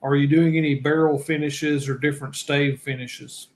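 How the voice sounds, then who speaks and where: A man's voice: on the high side, fairly even intonation, normal speed. A man hosting a live show, reading out viewer questions in a plain conversational way. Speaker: host.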